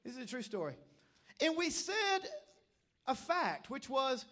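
A Middle Tennessee preacher in middle age delivers a revival sermon at church, his extremely high voice sing-song and a little slow. He tells his stories emphatically in a Tennessee accent and builds to shouted calls.

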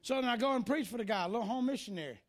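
A male preacher giving a sermon in church, moving between shouted, sing-song preaching and quieter, folksy storytelling. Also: extremely high pitch, racing.

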